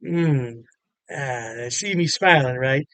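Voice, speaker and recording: A man's voice: medium pitch, slow pace, fairly bright tone, dry recording. A man giving a casual, chatty beer review to camera, upbeat and full of fillers.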